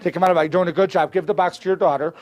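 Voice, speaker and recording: This live comedy magic show features a man whose voice sits high and steady in tone while he races along, bantering jokingly with a volunteer as a stage magician. The audience is present and the crowd noise on stage is loud.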